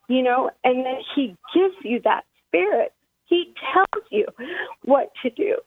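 A tearful woman caller, heard over a thin, tinny phone line, with a high voice. She talks in a halting, emotional way and chokes up as she shares her story. The sound is dry and close. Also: animated, no room sound. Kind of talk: call-in radio conversation.

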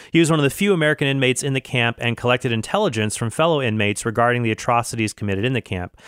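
A man's voice: medium pitch, a bit bright, clear, resonant tone, no room sound, clean studio sound. A man giving casual commentary on a film, thoughtful, with fillers and self-corrections.

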